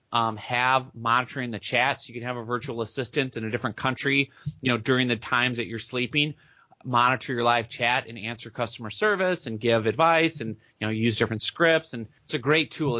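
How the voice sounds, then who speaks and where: Bright, upbeat American man talking sales. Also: mid-range voice, no room sound, lo-fi sound. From Minneapolis area, United States. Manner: enthusiastic, fast-talking salesman, acts out chat messages. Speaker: guest, business coach. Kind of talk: podcast interview.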